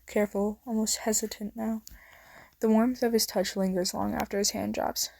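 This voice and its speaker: Soft-spoken young woman narrating romance. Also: mid-range voice, level tone, normal speed, dry recording. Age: young adult. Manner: soft, intimate, with breathy whispers. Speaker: fan fiction narrator. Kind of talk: second-person romance story narration.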